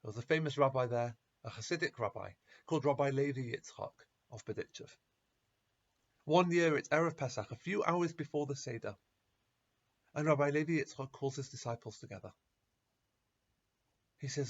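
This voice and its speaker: Middle-aged rabbi guy telling a story, earnest and measured, kinda muffled lo-fi. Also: mid-range voice. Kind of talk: storytelling talk at a school assembly. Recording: dull lo-fi recording.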